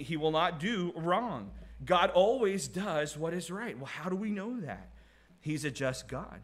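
Earnest male preacher, slightly high voice. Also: a bit bright. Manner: earnest, repeats key phrases, reads scripture aloud; frequent laughs and restarts. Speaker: pastor. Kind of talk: sermon.

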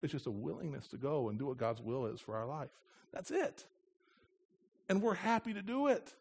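A man's voice: mid-range voice, animated, quick pace, vocal fry, a little mellow, slight background noise. Earnest man preaching a casual sermon. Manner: earnest, plain-spoken preaching with light humor. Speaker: missionary preaching to a congregation. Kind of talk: conversational sermon. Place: church.

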